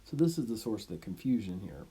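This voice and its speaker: A man's voice: fairly low pitch, very animated, fast talker, warm tone, breathy edge. A man teaching Latin, reading a story and translating it line by line with plain explanations and the occasional joke.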